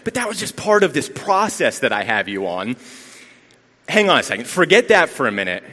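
A man's voice: mid-range voice, very animated, a little fast, bright, forceful tone. A man giving a sermon as a lay preacher, telling rambling stories with self-deprecating humor, recorded in a church sanctuary. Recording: long reverb of a church hall.

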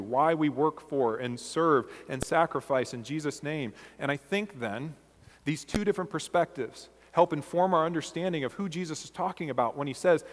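Earnest man preaching in a reverberant hall. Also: fairly high pitch. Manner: earnest, measured preaching with rhetorical questions. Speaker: pastor. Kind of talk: sermon.

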